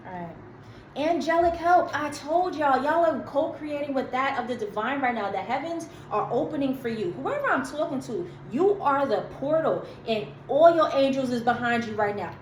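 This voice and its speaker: A woman's voice: sits high, expressive, moderate pace, roomy sound, slight background noise, poor audio. A woman giving a casual tarot reading to her viewers, chatty and emphatic, with slangy asides. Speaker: tarot reader.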